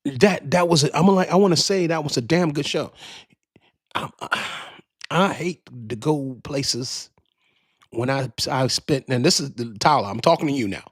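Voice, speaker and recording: A man's voice: mid-range voice, moderate pace, husky, no echo. A man hosting a podcast, ranting casually in a profane, rambling way, often restarting his sentences, into a studio microphone. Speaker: podcast host. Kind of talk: casual rant.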